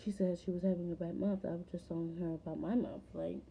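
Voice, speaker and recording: A woman's voice: lowish voice, level tone, quick pace, gravelly, warm tone, slight background noise, low-quality recording. A woman telling a personal story in a casual vlog, rambling and full of fillers. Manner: rambling, filler-heavy retelling. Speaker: vlogger.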